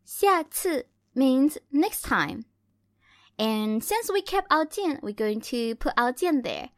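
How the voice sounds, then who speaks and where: A woman hosting a podcast language lesson, playful and correcting herself with little jokes, slowing down to model words carefully. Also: high voice, very animated, dry recording, studio quality. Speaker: Mandarin teacher and podcast host.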